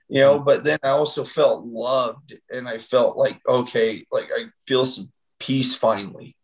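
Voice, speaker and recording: A man's voice: mid-range voice, unhurried, a bit bright, rough recording. A man in his thirties, a podcast guest telling his personal story in a loose, rambling way full of fillers. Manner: rambling storytelling with many fillers like "you know" and "like". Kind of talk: personal testimony in casual conversation.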